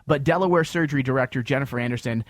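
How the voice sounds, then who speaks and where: A man's voice: medium pitch, rapid-fire, dry recording, studio quality. A man hosting a casual comedy talk show, reading news stories aloud, mocking them and laughing often. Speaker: host.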